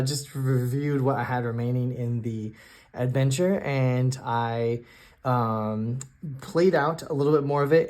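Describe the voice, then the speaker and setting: Man, mid-pitched, running a solo tabletop game; halting, thinks aloud. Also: darkish tone. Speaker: solo game master and player. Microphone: self-recorded on camera.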